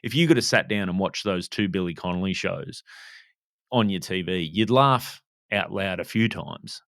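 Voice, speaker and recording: A man, a comedian hosting a podcast, telling lively anecdotes and calling people "mate". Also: low voice, normal speed, creaky, no echo, clean studio sound. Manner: says "mate" a lot, animated anecdotes. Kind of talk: casual chat.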